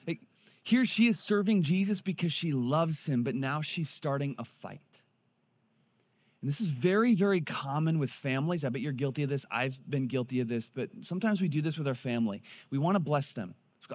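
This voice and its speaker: A man in his thirties preaching a sermon in a conversational, animated way. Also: on the high side, brisk. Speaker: pastor.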